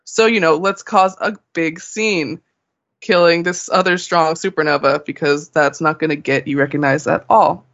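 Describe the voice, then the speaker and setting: A woman contributing to a podcast, recapping a comic chapter in casual chat with brisk, wry asides. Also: deep voice, steady tone, a bit bright, highs cut off.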